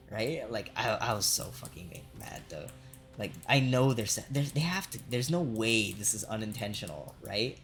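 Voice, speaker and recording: A man's voice: lowish voice, animated, normal speed. A male streamer venting about work while playing a game, swearing a lot and tagging sentences with "right?". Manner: profane ranting, constant "right?".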